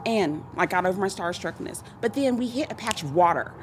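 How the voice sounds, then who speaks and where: A woman, a podcast guest telling stories in casual chat, animated and laughing as she acts out what people said. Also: on the low side, brisk, background noise. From Texas.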